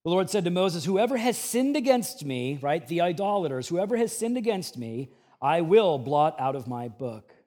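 This expository sermon comes from a very animated pastor at normal speed. He goes from low, quiet reflection to raised, urgent stress, retelling scripture conversationally.

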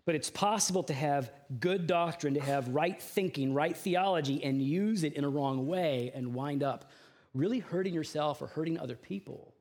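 A man's voice: fairly high pitch, normal speed, darkish tone. A male pastor giving a sermon in a conversational way, full of chatty asides and fillers. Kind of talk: sermon with personal anecdote.

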